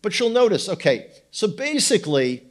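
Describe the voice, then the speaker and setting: Man, Israeli accent, slightly high voice, tour guide teaching from slides, joking and teasing. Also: big pitch swings, normal speed. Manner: joking, wry asides, teases the audience. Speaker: tour guide and guest speaker. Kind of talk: humorous teaching talk with slides. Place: church congregation in front of an audience.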